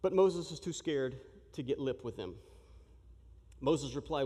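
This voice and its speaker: A man preaching a sermon in an animated, joking way, acting out the shouting crowd as he tells the story. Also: mid-range voice, unhurried, long pauses, husky. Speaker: pastor. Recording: long reverb of a large hall.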